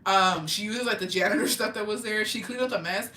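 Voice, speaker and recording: Brief: young woman vlogger, animated, swears constantly, bright voice, roomy echo. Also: mid-range voice, brisk. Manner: profane, animated, slangy storytelling. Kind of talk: storytime vlog. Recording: echoey room, mic at a distance, faint ambience.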